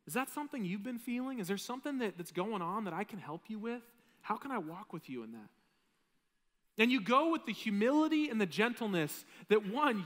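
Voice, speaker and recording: A man's voice: high-pitched, sharp tone, big-room sound. A man preaching a sermon as pastor in a church sanctuary, talking in a conversational, joking way with the congregation. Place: church sanctuary with a live audience.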